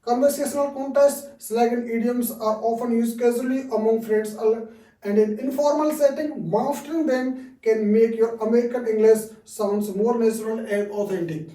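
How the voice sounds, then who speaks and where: A man teaching an English lesson from slides, halting often with restarts and frequent "okay" fillers. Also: extremely high pitch, steady tone, mellow. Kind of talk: reading through lesson slides. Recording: roomy echo, distant mic.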